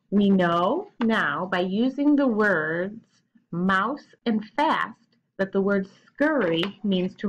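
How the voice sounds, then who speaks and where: A young woman teacher walks young learners through a lesson, taking her time over each step in an unhurried, patient way. Her voice sits at an ordinary middle pitch. The recording sounds a little muffled and lo-fi. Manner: slow, patient, explaining step by step. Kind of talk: recorded classroom lesson for children.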